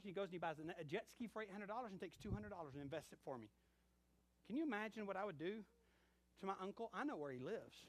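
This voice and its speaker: A man's voice: high voice, quick pace. A middle-aged male pastor preaching a sermon, telling stories and acting out bits of dialogue. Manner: animated storytelling with acted-out dialogue.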